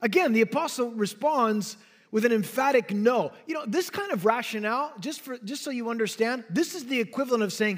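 A man preaching an expository sermon with an emphatic, dynamic delivery that swings between quiet drops and forceful bursts. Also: extremely high pitch, expressive, a little fast.

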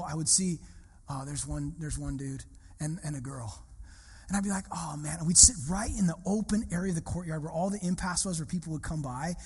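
High-voiced husky preacher in an echoey hall. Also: male voice. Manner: animated, conversational, repeats phrases while telling a story. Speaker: pastor. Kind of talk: sermon with personal storytelling.

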